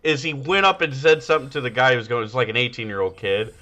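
A man's voice: medium pitch, fast talker, pushed and bright. A man co-hosting a podcast, trading profane jokes in casual chat and often laughing. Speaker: podcast co-host.

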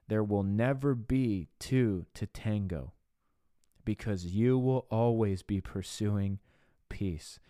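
A man's voice: lowish voice, mellow, no echo, studio quality. A man preaching on a devotional podcast sermon, earnest and conversational, with rhetorical asides to the listener.

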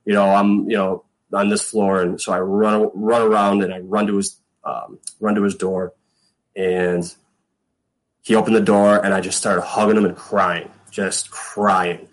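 Deep-voiced man telling stories. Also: flat delivery, unhurried, poor audio. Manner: rambling, many fillers, acts out quotes. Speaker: guest, former pro football punter. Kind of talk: casual storytelling interview.

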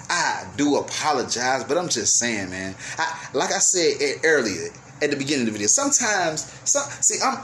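A young man with a high-pitched voice rants as host of his own radio show, cursing freely and veering between yelling and apology. Faint ambient noise sits under his voice. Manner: profane, heated, swings from yelling to apologetic. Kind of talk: ranting monologue.

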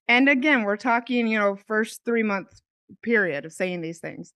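A woman co-hosting a podcast in casual chat, laying out points in a measured way. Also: a little high, animated, fairly bright tone, clear, resonant tone, dry recording. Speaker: podcast co-host.

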